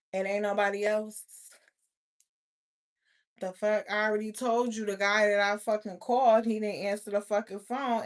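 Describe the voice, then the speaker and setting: A woman vlogger, ranting bluntly to her viewers with lots of cursing and scolding. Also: mid-range voice. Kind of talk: casual rant to camera.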